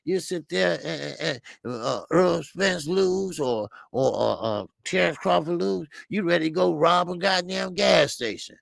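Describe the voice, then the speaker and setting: Call-in host, male, heavy vocal fry, dry booth sound, loose animated rambling. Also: fairly high pitch, measured pace, hardly any pauses, dry recording. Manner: animated, rambling, many filler restarts. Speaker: boxing call-in show host. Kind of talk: casual call-in show chat.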